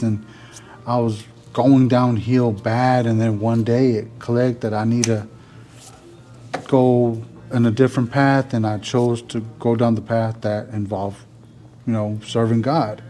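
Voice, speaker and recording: A man, telling a rambling story to his vlog audience in a casual way, full of "like" and "you know". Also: medium pitch. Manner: rambling, filler-heavy, animated when retelling. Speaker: vlogger.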